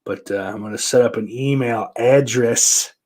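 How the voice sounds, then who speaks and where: A man hosting his own podcast alone, rambling from one thought to the next with plenty of swearing. He has a middle-pitched voice and breaks into sudden loud bursts before dropping back to a mutter. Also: steady tone, normal speed. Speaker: podcast host. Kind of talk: rambling solo podcast chat.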